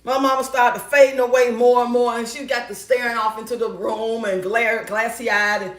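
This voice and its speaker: Middle-aged woman vlogger, high-pitched, loud and blunt, swearing freely, in an echoey kitchen. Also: little pitch movement, normal speed. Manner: loud, blunt and profane, with bursts of laughter. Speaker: relationship advice vlogger. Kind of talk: casual storytelling chat.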